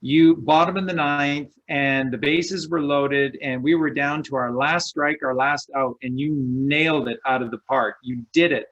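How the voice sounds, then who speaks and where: A man's voice: mid-range voice, steady tone, unhurried, hardly any pauses, a bit bright, muffled recording. A man co-hosting an online show, talking in an impassioned, preachy way and repeating his encouragement. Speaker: show co-host. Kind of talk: impassioned conversational speech.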